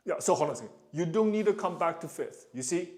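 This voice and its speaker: A man's voice: a little high, expressive, fast talker. A man coaching a ballet student, counting rhythm aloud and explaining the character. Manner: counts rhythm aloud, sings da da cues, loud encouraging calls; explanatory, asks "you understand?". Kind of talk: live coaching session.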